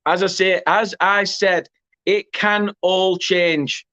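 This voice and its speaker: English male watchalong host, high tense voice, excitable play-by-play, correcting himself as he goes. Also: takes it slowly, no echo, lo-fi sound. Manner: excitable, self-correcting, erupts at goals. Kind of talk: live match commentary.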